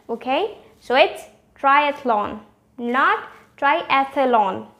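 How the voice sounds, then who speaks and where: A young woman hosting a casual pronunciation lesson, quizzing the viewer and slowly repeating each word to demonstrate it. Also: high-pitched, fairly bright tone. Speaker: channel host and pronunciation teacher.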